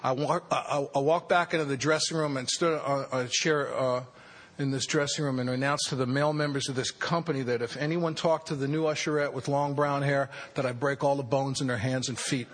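A man in his fifties telling his recovery story, wry and self-deprecating, sometimes halting. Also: medium pitch, steady tone. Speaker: speaker sharing a recovery story. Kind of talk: personal storytelling talk.

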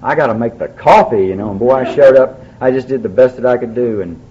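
Man, middle pitch, folksy recovery speaker with dry wit, muffled lo-fi tape with light hiss. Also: fast. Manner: folksy storyteller, dry humor. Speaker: AA speaker sharing his story. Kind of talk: recovery meeting talk. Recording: dull lo-fi recording, faint background.

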